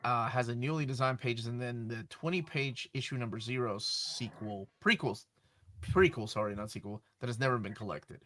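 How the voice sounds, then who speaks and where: Bright, excitable man hosting a comic chat. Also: mid-range voice, brisk, hardly any pauses. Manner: enthusiastic, exclaims. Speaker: show host. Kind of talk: casual chat about comic previews.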